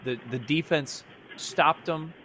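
A man's voice: on the high side, slow, bright, forceful tone, slight background noise. Exasperated man ranting about football. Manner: rambling, exasperated fan rant with frequent restarts. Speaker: podcast co-host. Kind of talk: casual sports fan reaction chat.

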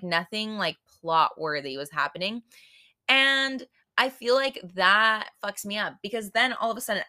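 Bright-voiced young woman rambling on a podcast. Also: fairly low pitch. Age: 20s. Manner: rambling, full of "like" and "I don't know"; frank and playful, swears freely. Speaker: podcast host. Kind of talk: casual solo podcast chat.

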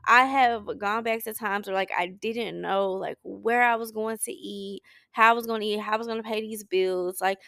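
Podcast host, woman, candid check-in, a bit gravelly, tearful, dry close sound. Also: medium pitch, fairly even intonation, moderate pace, sharp tone, no room sound. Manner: candid, emotional, rambling with restarts. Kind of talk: personal check-in talk. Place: Saint Louis.

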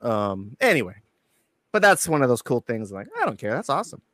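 A man telling a profane, animated story as a guest on an interview show, acting out quotes. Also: medium pitch, a little fast, dry recording, studio quality. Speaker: guitarist guest.

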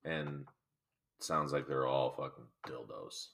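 Very deep-voiced man telling profane work stories. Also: slow pace, gravelly, fairly bright tone. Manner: profane storytelling, acts out quoted coworkers. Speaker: podcast co-host. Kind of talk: casual chat.

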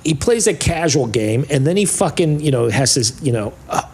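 A man's voice: a little high, expressive, normal speed, a little mellow, breathy edge. A man who rides with a motorcycle club, talking in a casual podcast chat, swearing freely and mimicking other people's voices as he rants. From California. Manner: profane, ranting, acts out other people's voices.

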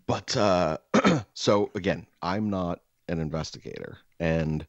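A man with a low voice tells a long story in casual chat. He rambles with lots of fillers and restarts and swears freely. The audio is dull and lo-fi, with no room sound. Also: lively intonation, slow, creaky, no room sound. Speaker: podcast co-host. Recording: dull lo-fi, dry.

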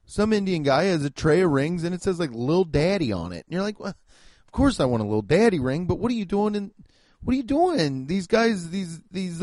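A man's voice: fairly high pitch, darkish tone, dry recording. A young man ranting in a comic, profane, fired-up way, talking into a close mic. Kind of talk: comic rant.

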